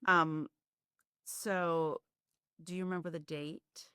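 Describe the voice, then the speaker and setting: A woman hosting a podcast, asking questions attentively with soft mm-hmms. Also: on the low side, little pitch movement, slow pace, clean tone, dry recording, clean studio sound. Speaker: podcast host. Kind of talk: interview questions.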